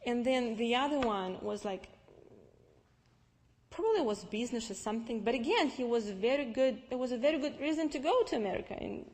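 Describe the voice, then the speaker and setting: A young woman with a Russian accent, Russian-speaking by birth, telling her personal faith story to an audience in a lively, storytelling way. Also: fairly high pitch, a little fast. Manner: lively storytelling with restarts and acted-out dialogue. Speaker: speaker giving testimony. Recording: long reverb from a large hall.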